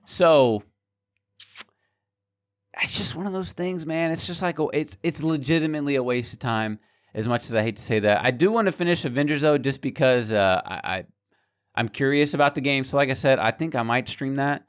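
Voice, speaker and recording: Talking straight to his viewers, a small gaming YouTuber and streamer goes on a heated, candid vlog rant to camera. He uses a smooth, mid-range voice at a moderate pace. The swearing flows freely, and he repeats words the more worked up he gets.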